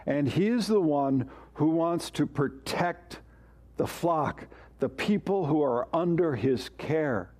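A man's voice: on the high side, a little mellow. A man preaching a sermon as pastor, emphatic and asking rhetorical questions.

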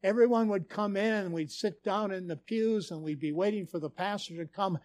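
A man's voice: high-pitched, normal speed, darkish tone. A man from Minnesota preaching a sermon as a pastor, telling stories earnestly with dramatic emphasis. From Minnesota, USA.

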